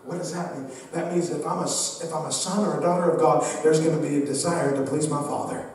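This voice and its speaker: A man's voice: fairly high pitch, fast. A man preaching a sermon, a pastor telling a humorous personal story and joking with his congregation. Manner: humorous, lively storyteller who acts out the people in his stories; talks directly to the congregation and jokes with them. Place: church sanctuary. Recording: echoey church hall, mic at a distance.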